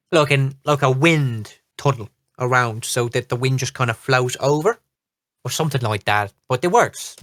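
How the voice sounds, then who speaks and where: A man voicing a boisterous, rambling ship captain who talks loudly and jovially. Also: mid-range voice, no echo, clean studio sound, lightly acted. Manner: loud, jovial, rambling, hesitant.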